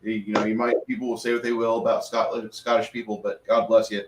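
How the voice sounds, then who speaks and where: Recorded off-mic in an echoey room with faint noise, a game master talks casually after a tabletop session. He speaks briskly in a low-leaning, level voice, earnest and rambling, and he frequently restarts his sentences.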